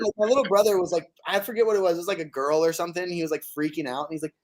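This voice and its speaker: A man's voice: high voice, racing, few pauses. Rambling, emphatic man in casual talk. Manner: rambling and emphatic, swears when excited. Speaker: podcast co-host. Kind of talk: casual chat.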